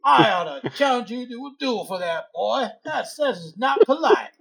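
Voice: mid-range voice, lively intonation, normal speed, creaky, fairly bright tone, slightly rough, voice pushed up, exaggerated voice. A player voicing a blustery male alien warrior with a put-on American Southern drawl, who repeats himself and calls people "boy". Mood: indignant.

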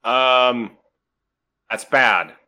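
A man's voice: medium pitch, very slow, pushed and bright. A man playing a starship captain in a tabletop game, giving decisive orders. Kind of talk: tabletop role-play.

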